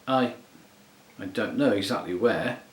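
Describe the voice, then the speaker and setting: A man's voice: on the low side, a little slow, roomy sound, natural voice. A man reading an audiobook, voicing a stout, dogged male marsh creature who talks short of breath. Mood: stubborn.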